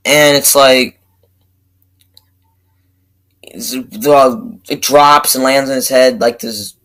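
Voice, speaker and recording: A young man talks through a movie review in a loose, rambling rant, swearing at every turn and tripping over his own restarts. His voice is bright and forceful, with a middling pitch. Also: takes it slowly, rough recording. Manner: profane, excitable, rambling with many fillers and restarts.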